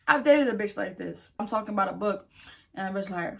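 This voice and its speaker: A woman's voice: fast, creaky, background noise. Foul-mouthed woman ranting over posts. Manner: profane, blunt outbursts between calmer reading; reads posts aloud in a lower, quieter voice. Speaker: online creator. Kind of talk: reacting to online posts, reading and commenting.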